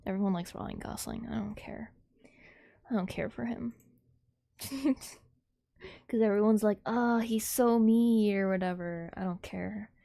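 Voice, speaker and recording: A woman's voice: mid-range voice, steady tone, unhurried, vocal fry, long pauses, dark tone. A woman livestreaming, chatting casually with her viewers in a rambling, giggly way, laughing often.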